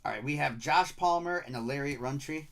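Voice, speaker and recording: A man's voice: medium pitch, brisk, creaky, fairly bright tone. A middle-aged man from Michigan with a Michigan accent, hosting a live card-break stream in upbeat, chatty patter, rattling off player names. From Michigan, USA.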